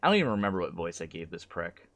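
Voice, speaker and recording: A man's voice: low-pitched, sing-song, very fast, fairly bright tone. A man reading a game's narration aloud on a stream, mixing in casual asides.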